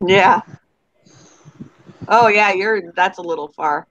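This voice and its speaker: A woman's voice: medium pitch, takes it slowly, lo-fi sound, background noise. A woman hosting a casual group chat, laughing often and acting out what people say. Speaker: host.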